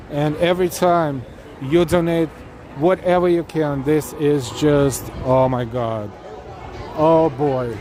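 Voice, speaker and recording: A man's voice: fairly high pitch, a little mellow. A man hosting a live walking tour stream, talking casually and effusively to viewers with lots of restarts and fillers while he walks. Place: city streets outdoors at night. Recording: noisy outdoor street recording. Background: street traffic noise.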